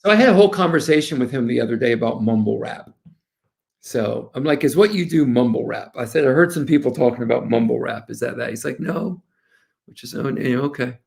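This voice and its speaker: Speaking quickly in a gravelly, mid-range voice, this sixty-something defense lawyer from the American South is a guest in a relaxed interview. He's animated as he spins his stories and quotes what others said.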